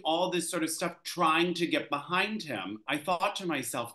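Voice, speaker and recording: A man co-hosts a podcast in a bright, forward voice. He talks with animation and acts out the people he quotes. The sound carries a roomy echo. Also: a little high, moderate pace, few pauses. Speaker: podcast co-host, former skater. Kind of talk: podcast discussion.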